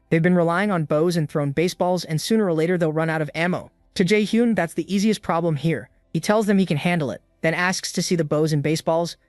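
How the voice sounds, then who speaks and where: A man narrating a comic story recap in a steady, even storytelling manner, recorded close to the mic. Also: a little high, no echo.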